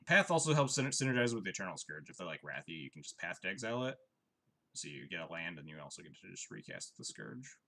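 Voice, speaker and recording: A man's voice: low-pitched, sing-song, fast talker, vocal fry, pushed and bright. Wry young man streaming a card game. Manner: chatty, wry, thinks aloud. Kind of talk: casual live-stream commentary.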